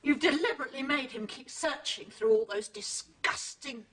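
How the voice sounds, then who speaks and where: An actress playing a brisk, polite neighbour's wife. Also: female voice, high-pitched, fairly bright tone. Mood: reproachful.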